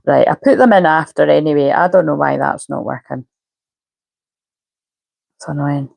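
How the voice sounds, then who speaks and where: A woman's voice: low voice, a little slow, creaky, long pauses, dry recording, rough recording. A woman, a spiritual coach chatting casually on a live stream and muttering to herself while she fiddles with settings.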